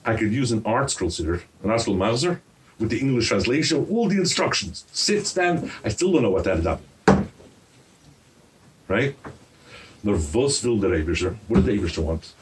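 A man preaching a sermon as a rabbi, animated and firing rhetorical questions at his listeners. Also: on the low side, normal speed, pauses often, far from the mic, background noise.

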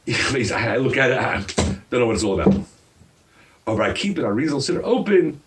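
A man preaching a sermon as a rabbi, animated and firing rhetorical questions at his listeners. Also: mid-range voice, fast, recorded from a distance, very noisy.

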